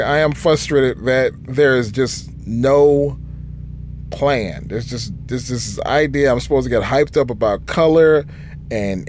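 A young man from Michigan who drives trucks rants to his viewers, cursing freely and breaking into laughter. His voice sits high and swings widely in pitch. A faint hum runs under the recording. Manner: profane, frustrated, laughing often. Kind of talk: casual rant to camera.

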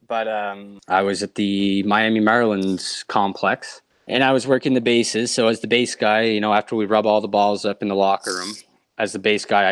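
A young man from Nova Scotia, a baseball umpire, telling lively anecdotes in a casual interview and laughing often. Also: lowish voice, smooth, no echo. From Nova Scotia, Canada. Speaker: minor league umpire, guest.

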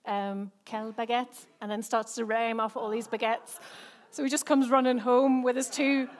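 Lady pastor preaching, chatty, jokes at herself, voice sits a bit high. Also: flat delivery, normal speed. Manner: chatty and self-mocking, laughs often. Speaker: senior pastor. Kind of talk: sermon with personal stories.

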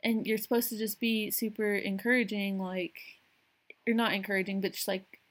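A woman's voice: mid-range voice, flat delivery, normal speed. A young adult woman hosting a casual solo podcast, rambling with lots of fillers and frequent laughs. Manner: rambling, frequent "like" and "you know", laughs often. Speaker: podcast host.

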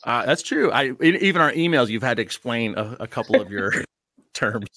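A man's voice: medium pitch, lively intonation, moderate pace, pushed and bright, dry recording, studio quality. A man hosting a podcast, speaking casually with many fillers and a friendly, rambling manner. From United States. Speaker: podcast host and pastor.

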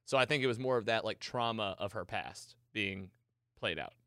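A man hosting a podcast, retelling a TV episode in casual, excited chat. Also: lowish voice, normal speed, clear, resonant tone, no room sound, clean studio sound. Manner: excited, animated storytelling. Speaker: podcast host recapping a TV episode.

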